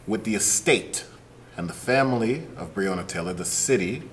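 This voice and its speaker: A male podcast host delivers a heated, profane rant, his pitch swinging widely. A faint hum of room noise sits under his voice. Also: lively intonation, normal speed. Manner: angry, sarcastic, profane ranting.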